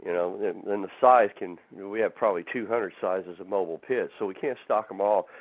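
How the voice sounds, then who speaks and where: Deep-voiced and speaking a little fast, this fab shop owner and barbecue pit maker tells folksy stories in a relaxed interview, playing out the quotes himself. The recording is dull, lo-fi, and dry, without room sound.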